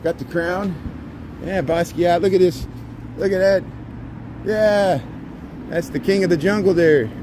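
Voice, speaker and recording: Middle-aged male vlogger, slightly high voice, rambling street-walk commentary, loud traffic behind. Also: a little slow, pauses often. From Indiana. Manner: rambling, chatty, greets passersby. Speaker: walking livestream vlogger. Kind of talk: casual running commentary while walking. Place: city street outdoors at dusk. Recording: outdoor street noise and traffic.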